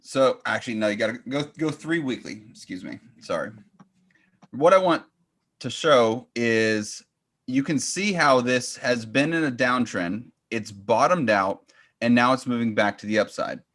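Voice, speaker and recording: A man coaching trades, calmly walking through a chart step by step in casual chat. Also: mid-range voice, a little slow. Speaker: trading coach.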